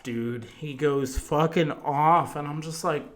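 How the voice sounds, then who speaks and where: A man's voice: on the high side, slow pace, hardly any pauses, fairly bright tone. A man hosting a podcast, telling a long story in casual chat, swearing constantly and rambling, a bit tipsy. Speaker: podcast host.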